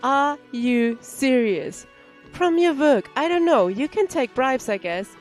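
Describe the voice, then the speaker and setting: A woman's voice: high-pitched, animated, slow pace, faint music behind. A woman voicing a defensive, irritable male cafeteria manager, reading game dialogue aloud in an exasperated, lecturing way.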